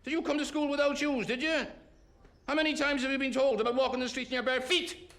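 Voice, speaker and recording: An actor playing a stern middle-aged schoolmaster who lectures a class with mocking rhetorical questions. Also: male voice, fairly high pitch, takes it slowly, echoey room. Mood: scolding. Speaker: schoolmaster in a film.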